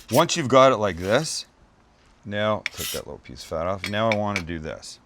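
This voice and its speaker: A man's voice: lowish voice, very animated, normal speed, background noise. Gushing male cooking show host. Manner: gushing, exclamatory praise of food; chatty asides to crew. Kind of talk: casual cooking demonstration.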